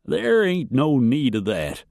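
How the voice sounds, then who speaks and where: A gruff, kindly old frontier grandfather with a folksy drawl, as a male narrator puts him on. His lines swing up and down in pitch. The sound is close and dry. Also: huge pitch swings, slow pace, darkish tone, no room sound, full character voice. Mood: reassuring.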